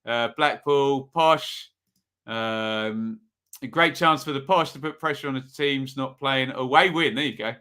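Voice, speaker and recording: This football preview host speaks in an unhurried, mid-range voice that's bright and forceful. Chatting casually on his live predictions stream, he reads viewers' comments aloud and asks chat what they predict.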